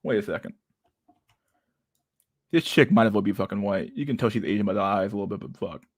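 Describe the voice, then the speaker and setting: A man's voice: lowish voice, fast talker, husky. A man giving casual, rambling livestream commentary on pictures, swearing constantly and laughing often. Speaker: streamer reacting to pictures.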